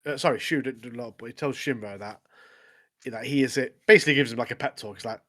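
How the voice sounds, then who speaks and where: A man co-hosting a podcast, recapping episodes in casual, animated chat. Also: mid-range voice, fast talker. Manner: animated recapping, frequent "mate". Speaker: podcast co-host.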